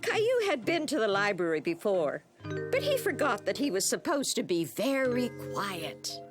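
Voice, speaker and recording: A woman narrating a children's cartoon in a gentle, expressive storybook manner. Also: a little high, moderate pace. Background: children's music.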